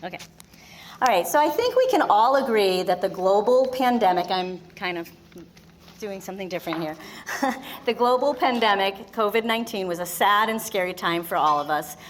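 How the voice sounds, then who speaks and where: A woman's voice: mid-range voice, animated, moderate pace, slight background noise. A middle-aged woman, mother of the bride, giving a chatty, self-deprecating wedding welcome speech.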